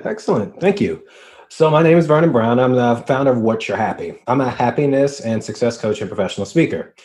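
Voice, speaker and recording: A man from Richmond, Virginia with a slight Virginia drawl, a coach talking in a chatty, animated way as a podcast guest on a remote call. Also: medium pitch. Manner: animated, chatty, many fillers and restarts. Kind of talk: casual podcast interview.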